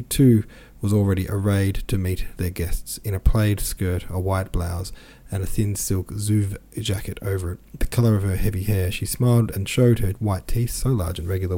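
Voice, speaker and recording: A man reading a classic novel aloud for a podcast, with quick asides of his own between passages. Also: low-pitched, fairly even intonation, mellow. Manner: reads with quoted dialogue and brief asides. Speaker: podcast reader.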